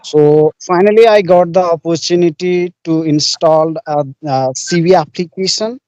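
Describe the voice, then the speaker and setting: A man interviewing someone, polite and halting as he searches for words, heard over a remote call. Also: fairly high pitch, steady tone, a little mellow, smooth, dry recording. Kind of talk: casual interview. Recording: dull dry lo-fi audio.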